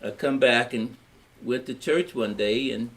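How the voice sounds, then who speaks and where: A man's voice: medium pitch, measured pace, a bit bright. Older Louisiana man, plain-spoken elder recalling family history at length. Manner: rambling, plain-spoken storyteller acting out quotes. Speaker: family elder telling his story. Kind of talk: storytelling in a family history recording.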